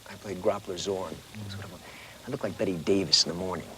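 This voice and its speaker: This middle-aged voice actor talks fast in a low-sitting voice, keeping the interview casual and animated. He tells stories and slips into little voices along the way, with a bit of hiss or hum in the recording.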